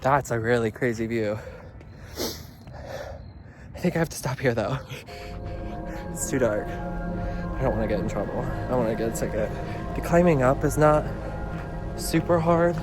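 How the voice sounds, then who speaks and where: A young man chatting excitedly to his viewers in a casual vlog, joking at his own expense and calling them "girl". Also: medium pitch. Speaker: vlogger. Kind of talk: casual vlog chat to camera. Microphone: phone held while talking.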